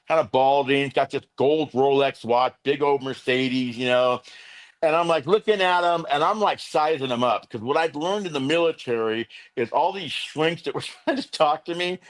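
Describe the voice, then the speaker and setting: Middle-aged man telling his story. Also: mid-range voice. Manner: animated storyteller, acts out quotes, fillers like "you know". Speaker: guest, interventionist and veteran. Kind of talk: candid storytelling interview.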